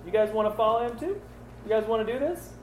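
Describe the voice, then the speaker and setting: A man's voice: very high-pitched, brisk, darkish tone, roomy sound, a little hiss or hum, voice pushed up, rough recording. A man voicing an exasperated, snarky young man who was once blind, insisting on his story in a raised voice.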